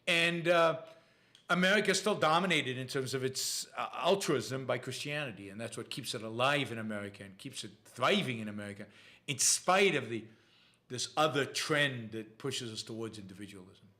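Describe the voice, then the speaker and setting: Halting man with a noticeable accent. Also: mid-range voice, sharp tone. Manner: halting, frequent restarts and fillers. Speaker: show host answering viewer questions. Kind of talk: casual live Q&A talk.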